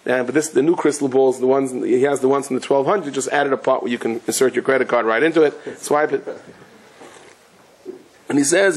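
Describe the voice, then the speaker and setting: A rabbi giving a Torah lecture, telling stories in a lively way with Yiddish and Hebrew terms mixed in. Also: male voice, mid-range voice, a little fast, breathy edge, rough recording. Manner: animated storytelling, sprinkled with Yiddish and Hebrew terms.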